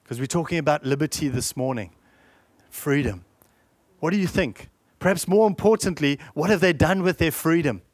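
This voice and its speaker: A man preaches a sermon with a high, clear voice. He talks earnestly and puts many rhetorical questions to his listeners. The sound is close and dry, with no room echo. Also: moderate pace.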